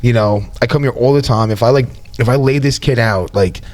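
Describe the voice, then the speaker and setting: Animated, profane male storyteller. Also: medium pitch, a little fast. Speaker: podcast co-host. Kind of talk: casual storytelling chat.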